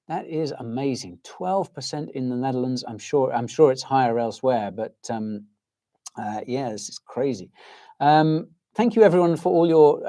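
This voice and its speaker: A middle-aged Englishman with a dark-toned, mid-range voice hosts a casual livestream. His soothing, almost sleep-inducing delivery drifts into rambles and rants as he responds to viewer comments.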